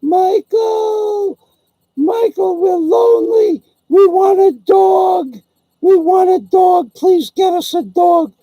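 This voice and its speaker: A man's voice: extremely high pitch, slow pace, no echo, lo-fi sound, pitched above the performer's own voice, exaggerated voice. A man voicing a group of lonely toy dolls who whine like little children, begging to be given a dog. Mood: pleading. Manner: pleading, whiny baby talk.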